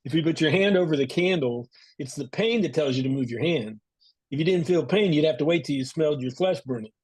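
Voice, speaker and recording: Husky man explaining in numbered points. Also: on the high side, expressive, a little fast, a little mellow, no room sound. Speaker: participant.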